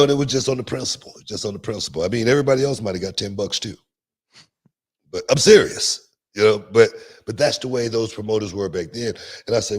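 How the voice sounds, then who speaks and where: This middle-aged man has a deep voice with a darkish tone. A wrestling promoter who hosts a podcast, he spins casual stories in a laid-back, repetitive manner, often laughing, recorded on a podcast microphone via remote stream.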